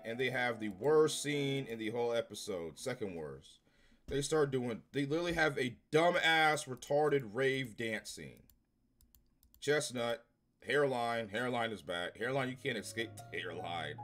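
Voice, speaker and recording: A man giving a casual, profane, sarcastic review of a TV episode, exasperated and given to loud bursts of laughter. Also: mid-range voice. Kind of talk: casual ranting review commentary.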